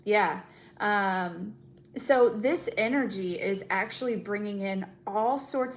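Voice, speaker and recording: A woman's voice: mid-range voice, a little slow, a little hiss or hum. A young adult woman, a tarot reader, chatting casually to viewers on a live stream, with lots of fillers, giggles and casual swearing. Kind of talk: casual spiritual live chat.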